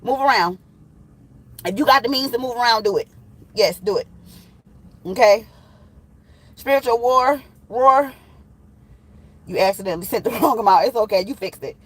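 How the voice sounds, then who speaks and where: A woman's voice: medium pitch, a little fast, pauses often, slightly rough, poor audio. A woman giving a casual livestream tarot reading, blunt and profane, teasing viewers and laughing often. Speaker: tarot reader.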